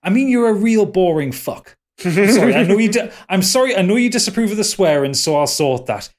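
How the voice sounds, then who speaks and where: Geordie bloke doing a raging sweary political enforcer, higher voice, spitting insults. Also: male voice, lively intonation, fairly quick. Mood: vicious. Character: furious foul-mouthed male political enforcer.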